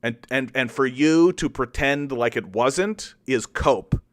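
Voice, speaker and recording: Heated, profane male commentator. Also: slow. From Canada. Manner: angry, profane, with many restarts and repetitions; sarcastic, mocks opponents in exaggerated high voices. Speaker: political commentary host. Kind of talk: heated political commentary monologue.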